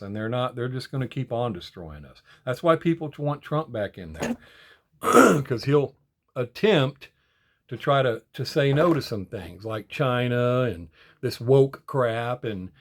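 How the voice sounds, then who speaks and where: An older man vlogging in a casual, heated, rambling rant, indignant and repeating himself. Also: medium pitch. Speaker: die-cast collecting vlogger. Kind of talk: casual ranting monologue.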